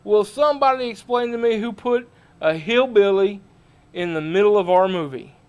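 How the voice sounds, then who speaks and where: A man doing a shrill exasperated film director. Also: animated, normal speed, clean tone, lo-fi sound. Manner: shouting, exasperated.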